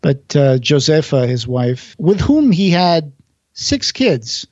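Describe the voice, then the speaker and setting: A man on a podcast, casually retelling a play's plot, acting out the quoted lines and pausing with fillers. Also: on the high side, very animated, darkish tone, no room sound, highs cut off. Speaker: podcast co-host.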